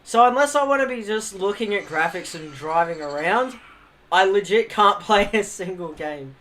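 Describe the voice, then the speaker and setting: Chatting casually on a live stream, a young man tells humorous family stories at a moderate pace. His high voice is animated and fairly bright, and he laughs, swears, and performs his family's quotes.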